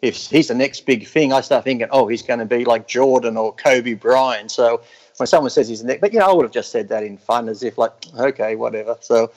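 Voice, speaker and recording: A middle-aged man with an English accent, a bodybuilder guest on a podcast, talking in a dry, deadpan and sarcastic way and swearing freely. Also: medium pitch, a little fast, low-quality recording. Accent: English, long time in Australia. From England. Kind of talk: casual podcast interview.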